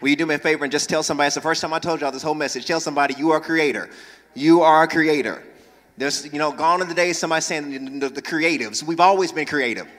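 A man preaching a sermon as pastor, talking with lively energy, joking asides with the congregation and emphatic calls to action. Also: fairly high pitch, rapid-fire, few pauses. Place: church sanctuary. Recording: long reverb in large church.

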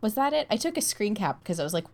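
A woman's voice: medium pitch, sing-song, fast, darkish tone. A woman co-hosting a podcast in casual chat, playful and swearing offhandedly. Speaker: podcast co-host.

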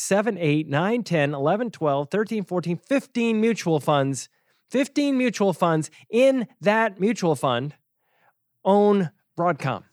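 A man with a fairly high voice talks casually as a host, explaining things step by step. His asides turn sarcastic and he chuckles often. The sound is dry and close. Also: no echo. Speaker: podcast host and financial educator.

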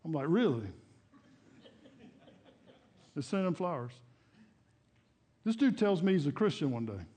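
A man's voice: on the high side, sing-song, normal speed, long pauses, mellow. A middle-aged male pastor preaching a sermon in a church, talking in a casual, folksy way and acting out prayers and quotes. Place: church sanctuary.

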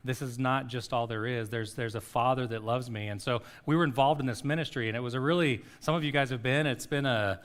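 Middle-aged male pastor, sermon, earnest questioning delivery, soft and paused when guiding reflection. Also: medium pitch, steady tone. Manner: soft-spoken guided reflection, pauses between phrases.

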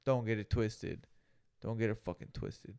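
A man's voice: lowish voice, steady tone, normal speed, mellow, smooth. A young man co-hosting a podcast, telling a story in a laid-back, slangy way with heavy swearing. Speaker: podcast co-host. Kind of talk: casual storytelling chat.

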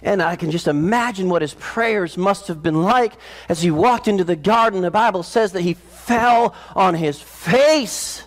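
A man preaching a sermon, retelling a story with dramatic intensity, climbing high and loud at peaks and dropping low and slow for solemn moments. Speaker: pastor.

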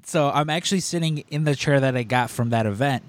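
A man's voice: mid-range voice, brisk, no echo. A man hosting a podcast, telling a long story in casual chat, rambling and correcting himself as he goes. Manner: rambling, self-correcting, animated retelling.

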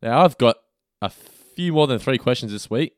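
Joking and laughing often, a man co-hosts a casual podcast chat in a medium-pitched voice with lively intonation and normal speed. The recording is dry, with clean studio sound.

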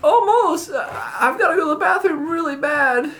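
A woman's voice: animated, moderate pace, fairly bright tone, a little hiss or hum, exaggerated voice. A woman voicing a chatty male cat who keeps saying meow between his words. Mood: playful. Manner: squeaky, sprinkles meows into its talk.

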